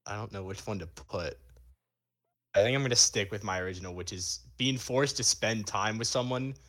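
A man's voice: on the low side, moderate pace, a bit bright. A young man co-hosting a podcast, laid-back and laughing often in casual chat. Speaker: podcast co-host.

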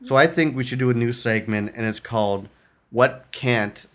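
A man's voice: medium pitch, steady tone, normal speed. A young man co-hosting a podcast, explaining a new segment in easygoing casual chat. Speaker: podcast co-host.

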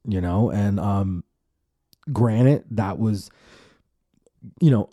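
A man's voice: lowish voice, dark tone, no echo, studio quality. A man in his twenties hosting a solo podcast, telling rambling, self-amused stories, swearing freely and acting out the voices he quotes. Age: 20s. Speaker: podcast host. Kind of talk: casual solo podcast monologue.

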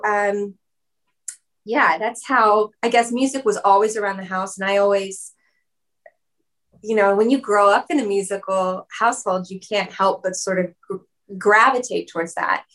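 Woman guest, chatty and giggly, loose casual talk. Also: mid-range voice. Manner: chatty, lots of "like" and "um", laughs often. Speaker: musician guest. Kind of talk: casual interview chat. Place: video call.

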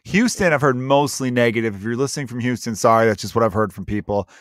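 A man's voice: mid-range voice, quick pace, no echo, clean studio sound. A man in a casual podcast chat, blunt and swearing as he gives advice.

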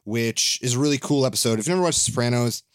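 A man's voice: mid-range voice, very fast, clean tone, no echo, clean studio sound. A man co-hosting a podcast in casual chat, enthusiastic and swearing freely as he talks. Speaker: podcast co-host.

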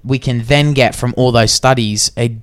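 A man's voice: mid-range voice, fairly even intonation, normal speed, clean tone, no echo, studio quality. Blunt, sweary young man. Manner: blunt and sweary, laid-back. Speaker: podcast co-host. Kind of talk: casual chat.

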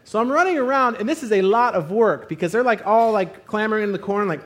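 A man preaching a sermon, telling a funny personal story and acting out the scenes with loud exclamations. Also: high-pitched, animated, fast talker, hardly any pauses. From Arizona.

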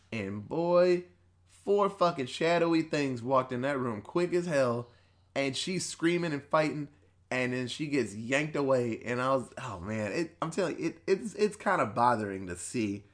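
A man's voice: mid-range voice, expressive, unhurried. A man on a podcast casually retelling a horror movie plot, rambling and swearing, quoting the characters as he goes and laughing between points. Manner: profane, rambling storytelling with quoted voices. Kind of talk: casual movie recap chat.

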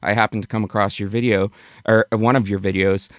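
A man's voice: on the low side, flat delivery, brisk, dry recording, studio quality. A man interviewing a guest in a casual chat, asking short questions between laughs.

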